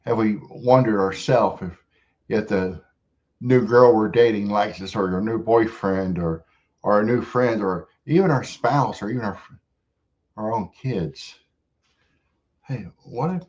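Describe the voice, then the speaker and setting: A man hosting a devotional talk who speaks reflectively, pausing and letting his phrases trail off softly. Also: fairly low pitch, dull audio. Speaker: host.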